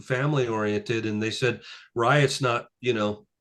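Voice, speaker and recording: A man in his sixties chatting as a guest musician on a casual interview, rambling with many fillers and acting out the people he quotes. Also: measured pace. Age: 60s. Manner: rambling, full of "you know" fillers; acts out quoted people with lively pitch jumps.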